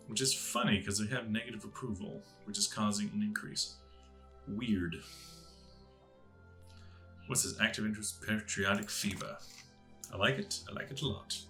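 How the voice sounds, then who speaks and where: A man with a lowish but bright, forceful voice muses out loud while playing a strategy game on his channel. He talks casually to himself as he weighs options in the menus, with faint music and keyboard typing behind him. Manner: musing, thinking aloud while clicking through menus. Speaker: gaming channel host.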